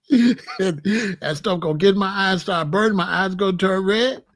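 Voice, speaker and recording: A man's voice: high-pitched, takes it slowly, pauses often. A man hosting his own commentary channel, joking and bragging in a casual, streetwise rant.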